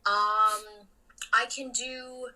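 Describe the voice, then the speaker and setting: Woman comedian, blunt and animated, high bright voice, relaxed interview talk. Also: drawn-out words, far from the mic, poor audio. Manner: blunt, animated, swings between loud and muttered. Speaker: comedian guest. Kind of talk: casual podcast conversation.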